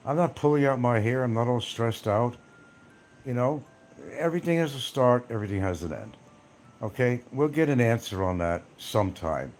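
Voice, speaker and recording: A man's voice: medium pitch, very animated, moderate pace, a little mellow, faint music behind. A man hosting a livestream, chatting casually with his viewers in a loose, profane, rambling way. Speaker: livestream host reading chat.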